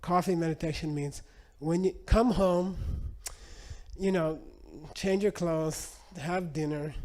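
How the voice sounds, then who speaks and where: A Buddhist teacher tells a lively story to his audience, with many relaxed asides as he goes. His man's voice sits slightly high but sounds warm and mellow. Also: takes it slowly. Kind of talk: storytelling talk.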